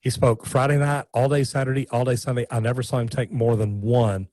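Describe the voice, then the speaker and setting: A man, a guest in a casual interview, telling stories in an animated, folksy way with many restarts. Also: mid-range voice, fairly quick, dry recording, poor audio. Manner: animated, folksy, repeats words.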